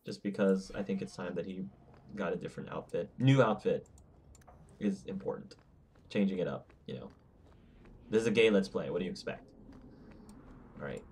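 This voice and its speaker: A man casually commenting over a game he plays. His voice sits low, and he often stumbles and restarts mid-sentence in a chatty way. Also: lively intonation, moderate pace, long pauses, darkish tone. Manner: rambling, self-correcting, chatty. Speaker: let's play host.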